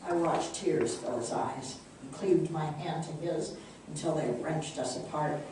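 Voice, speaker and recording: A woman author reading her picture book aloud in a measured, heartfelt way, in an echoey room from a distant mic. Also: deep voice, noisy background.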